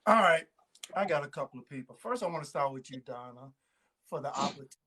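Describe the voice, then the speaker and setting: High-voiced man giving heartfelt shout-outs. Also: fast, slightly rough. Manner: earnest, warm shout-outs, relaxed slang. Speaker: guest. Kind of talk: casual chat interview.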